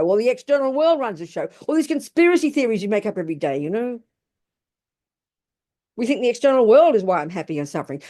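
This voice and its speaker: A woman gives a Dharma talk to an audience, delivering Buddhist teaching in a blunt, emphatic, colloquial way. Her voice is medium-pitched with a darkish tone.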